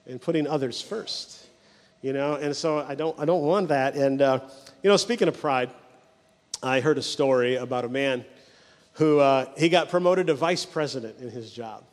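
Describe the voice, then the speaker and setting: A male pastor preaching a sermon, telling stories with quick mimicry of the people in them. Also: fairly high pitch, big-room sound.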